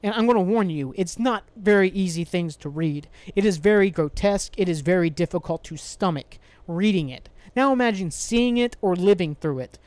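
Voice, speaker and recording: A man's voice: high voice, normal speed, few pauses, a little mellow, no room sound. Angry, profane man ranting on a podcast. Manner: angry, profane, rambling rant with sighs. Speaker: podcast host. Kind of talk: solo podcast rant.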